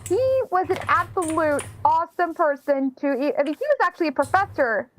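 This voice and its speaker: A woman's voice: high-pitched, expressive, normal speed, slight background noise, low-quality recording. A young adult woman, a freelance voice actress, chatting animatedly on a voice call. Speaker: freelance voice actress, stream host. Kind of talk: casual voice chat.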